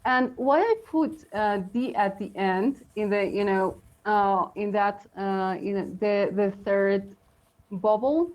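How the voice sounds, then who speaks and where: Slow-talking woman teaching pronunciation. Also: mid-range voice, a little mellow. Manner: chatty, encouraging, many fillers and laughs. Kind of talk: live online English lesson.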